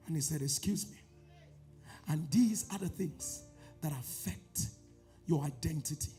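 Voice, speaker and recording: A man with a Nigerian accent preaching a sermon, swinging from loud shouts to low murmurs in a sing-song cadence. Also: normal speed, faint music behind. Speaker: pastor.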